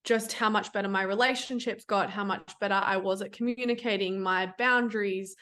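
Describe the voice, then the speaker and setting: An online fitness coach appears as a podcast guest in a casual interview, her medium-pitched voice steady, bright and forceful and a little fast. She speaks candidly and bluntly, swears freely and leans heavily on fillers.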